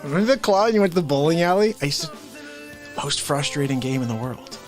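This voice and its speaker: A man hosting a live comedy stream, ranting in an animated way and swinging between shouts and whispers. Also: fairly high pitch, quick pace, soft background music. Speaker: livestream comedy host. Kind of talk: unscripted comedic rant.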